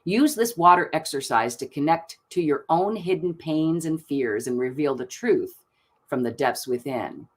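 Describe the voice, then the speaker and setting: A woman giving card readings on a live stream, reading out card texts in a soft, gentle manner and laughing often. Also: low voice, animated, a little slow. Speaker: tarot card reader.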